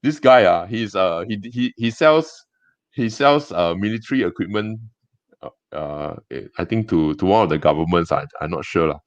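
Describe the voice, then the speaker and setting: Low-voiced Singaporean man telling stories. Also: lively intonation, no room sound. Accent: Singaporean English. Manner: chatty, halting with many restarts and fillers. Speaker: gem and jewelry business owner. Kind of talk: casual interview storytelling. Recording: dull dry lo-fi sound.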